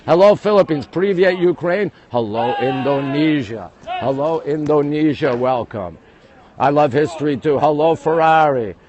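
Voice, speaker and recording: A man with a New York accent, hosting a live walking tour on his phone, talking quickly and greeting viewers all the time. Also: a little high, darkish tone, lo-fi sound. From United States. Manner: rapid-fire, greeting viewers constantly. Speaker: livestream host. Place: outdoors at a busy historic site. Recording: faint outdoor city noise.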